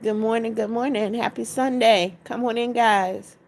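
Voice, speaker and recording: A woman's voice: fairly high pitch, fairly even intonation, moderate pace, darkish tone. A woman hosting a casual livestream, greeting viewers by name, reading their comments aloud and coaxing them to tap likes. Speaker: livestream host.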